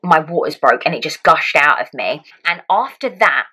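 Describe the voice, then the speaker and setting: A young woman with a fairly low voice talks straight to her viewers. She tells a personal story in an animated, chatty way, dropping "like" into nearly every sentence. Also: normal speed, slightly rough, low-quality recording. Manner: animated, heavy use of "like" as filler. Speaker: vlogger.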